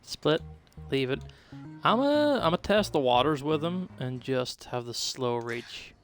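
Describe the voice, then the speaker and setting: A man's voice: medium pitch, measured pace, faint music behind. A man streaming live, making muttered commentary while playing a dating game. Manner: muttered asides while choosing.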